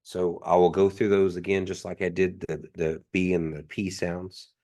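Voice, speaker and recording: A man's voice: deep voice, level tone, moderate pace, warm tone. A man teaching a language class, patiently repeating each sound three times in a pronunciation drill.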